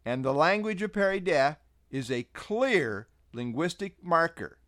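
Lively, high-voiced man preaching a sermon. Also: measured pace, no room sound, clean studio sound. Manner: emphatic, reads verses aloud and cites chapter numbers. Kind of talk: expository sermon.

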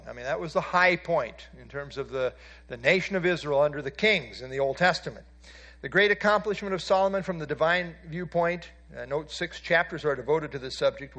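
A man's voice: fairly high pitch, pushed and bright. A man teaching a Bible class, explaining from handout pages and asking his listeners questions, with frequent "uh" fillers.

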